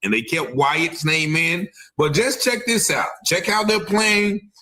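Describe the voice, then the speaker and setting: A man's voice: a little high, unhurried, pushed and bright. A man hosting an online news commentary show, talking through a case and repeating that it is only alleged. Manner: speculative, repeats "allegedly" and "once again".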